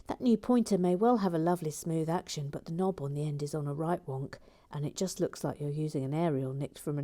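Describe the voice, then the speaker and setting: A middle-aged woman chats as she builds and reads out viewer comments. Her voice sits low and sounds warm and relaxed. She is dryly funny, and she keeps slipping into quiet, half-whispered muttering to herself. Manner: chatty and wry, drifts into soft half-whispered muttering. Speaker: LEGO building channel host.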